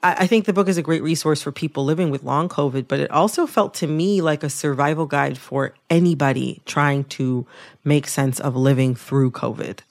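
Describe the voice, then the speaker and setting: A woman hosting a radio interview, speaking in a reflective, conversational way that thinks aloud with pauses. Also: deep voice, darkish tone. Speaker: radio show host.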